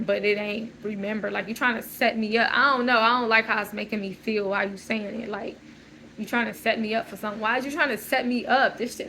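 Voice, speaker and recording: A woman's voice: fairly high pitch, bright, forceful tone, a little hiss or hum, poor audio. A woman in an unscripted emotional monologue, rambling and agitated, repeating "like" as she talks. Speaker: vlogger.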